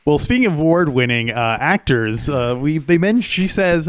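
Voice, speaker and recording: A man's voice: a little high, lively intonation, normal speed, smooth, no echo. Chatty man on a slightly dull mic. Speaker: podcast co-host. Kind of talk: casual chat.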